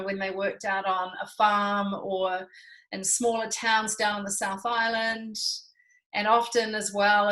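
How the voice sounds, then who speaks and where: A woman's voice: medium pitch, fairly bright tone, low-quality recording. A woman with a New Zealand accent, chatting casually as co-host and laughing easily. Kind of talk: casual chat.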